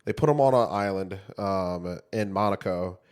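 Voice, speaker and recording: A man's voice: low voice, moderate pace. A man in his thirties co-hosting a podcast, chatting loosely, swearing freely, full of fillers and restarts. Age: 30s. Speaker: podcast co-host. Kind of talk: casual chat.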